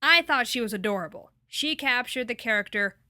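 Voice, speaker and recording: Chatty excited woman doing an anime review, high bouncy voice. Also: a little fast, slight background noise. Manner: enthusiastic and chatty. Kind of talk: casual review.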